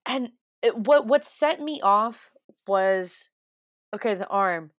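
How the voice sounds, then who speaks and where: A woman's voice: medium pitch, expressive, takes it slowly, no echo, dull audio. A young woman in casual chat, emphatic and given to repeating words for effect.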